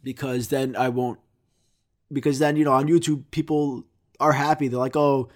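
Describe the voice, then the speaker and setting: A man's voice: mid-range voice, steady tone, normal speed. A young man hosting a podcast, answering viewer comments in rambling, profane, jokey casual chat. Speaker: podcast host.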